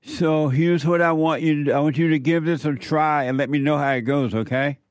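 A man hosting a call-in show, giving advice to a caller in a slow, emphatic way and repeating his points. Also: a little high, steady tone, no room sound.

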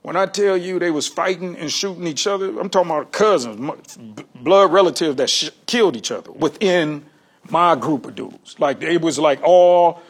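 A male comedian, a guest on an interview show, telling stories in an animated, slangy way and laughing often. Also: fairly high pitch, normal speed, slightly rough. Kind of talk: casual interview storytelling.

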